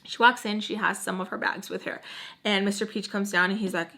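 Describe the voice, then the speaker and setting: Her tone is sharp and her pace brisk, with medium pitch and fairly even intonation. This young woman is chatting through a storytime on her vlog, full of "like," dropping Spanish phrases and switching voices to act out quoted people.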